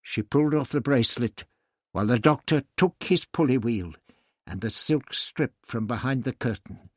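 A man narrating an adventure story as an audiobook, reading in an expressive, dramatic way. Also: medium pitch, moderate pace, no echo, studio quality.

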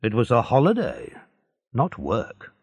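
A man's voice: mid-range voice, wildly swooping pitch, measured pace, vocal fry, darkish tone, slightly rough, no room sound, heavily acted. A man voicing a complaining, resentful ship's officer in a storybook reading.

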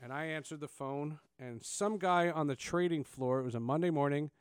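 A man's voice: a little high, normal speed, clear, resonant tone, dry recording. A man, hosting a casual interview and telling stories with lots of fillers and restarts. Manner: animated storyteller, many fillers and restarts. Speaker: podcast host.

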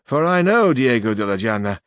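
A man's voice: medium pitch, very animated, brisk, no room sound, close to an everyday voice. Brief: man playing a stern steward in a storybook reading, firm and doubting, dry close sound. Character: stern, skeptical middle-aged male steward.

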